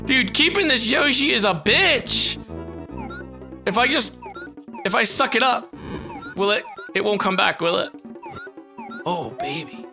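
Animated, foul-mouthed woman gaming. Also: a little high, measured pace, creaky, long pauses, over music. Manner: excitable, swears a lot, exclaims at the game. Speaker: gaming video host. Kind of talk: live gameplay commentary.

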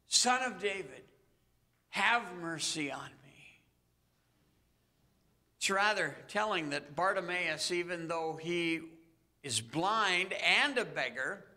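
Bright, high-voiced male pastor preaching. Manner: earnest storytelling, dramatic pauses. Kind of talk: sermon.

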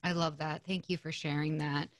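Low-voiced woman hosting a podcast. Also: level tone, moderate pace, no room sound, clean studio sound. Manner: warm, encouraging listener with short affirmations. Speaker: podcast host. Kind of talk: casual podcast interview.

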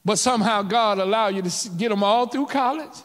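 Speaking a little fast in a high-pitched, fairly bright voice, a man preaches as pastor in a church sanctuary with hall reverb. His call-and-response sermon rises and drops in waves toward the congregation.

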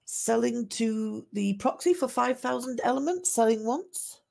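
A woman acting as auctioneer on a game livestream, calling lots and bids in a steady, methodical way. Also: on the high side, a little slow, creaky, slight background noise. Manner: steady methodical lot-calling, selling once, twice, sold.

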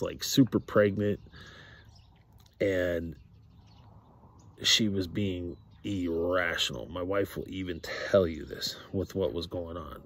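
A man talking casually to camera about faith, rambling with many fillers and repeated words. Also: low-pitched. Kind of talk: casual religious monologue to camera.

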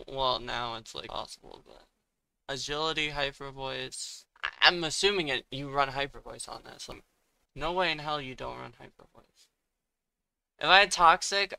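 A young gaming streamer with a mid-range, bright, forceful voice and some vocal fry gives casual commentary as he plays a competitive game. The sound is clean; he thinks aloud, mutters, and breaks into sudden exasperated outbursts.

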